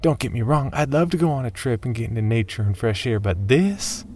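A man's voice: medium pitch, lively intonation, unhurried, background noise, pitched above the performer's own voice. A man putting on an irritated young woman. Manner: exasperated, complaining.

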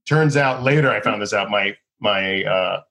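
A man in his thirties, a comedian guest, telling stories casually and acting out people in high excited bursts. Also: moderate pace. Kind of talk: casual storytelling.

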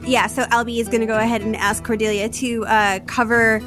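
A woman's voice: a little high, level tone, fairly quick, over music. A woman playing a tabletop game, describing her character's moves in a hesitant way. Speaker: player.

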